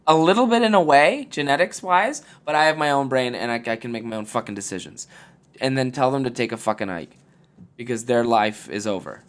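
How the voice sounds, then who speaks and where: A man's voice: mid-range voice, a little fast. A young man hosting a podcast, giving blunt, profane, jokey advice in casual chat. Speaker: podcast host. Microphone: podcast mic.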